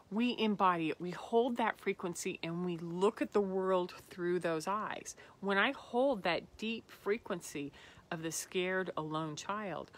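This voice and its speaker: A woman's voice: on the low side, slight background noise. A woman hosting a spiritual self-help talk, earnest and reflective, often falling to a whisper on tender phrases. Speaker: podcast host.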